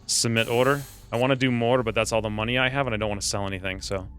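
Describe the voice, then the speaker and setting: A man's voice: mid-range voice, steady tone, racing, fairly bright tone, faint music behind. A man giving casual gameplay commentary, joking, self-mocking and thinking aloud about his choices. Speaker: gaming streamer.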